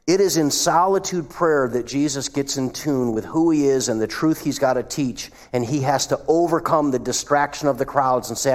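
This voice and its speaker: A man preaching a sermon as pastor, retelling scenes and dropping his voice low for asides. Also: moderate pace, hardly any pauses. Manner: acts out quoted voices, drops to a hush for asides. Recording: long hall reverb.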